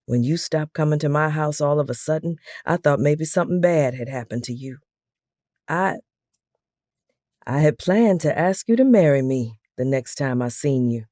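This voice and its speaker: A woman voicing an eager middle-aged man who talks loud and fast and pleads in a rambling way. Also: a little high, expressive, no echo, studio quality, voice pushed up. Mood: subdued.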